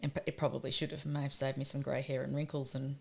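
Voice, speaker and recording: Woman host, very low, gravelly voice, lively swings in pitch, candid and jokey. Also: quick pace, slight background noise. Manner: candid, self-mocking. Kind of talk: casual interview chat.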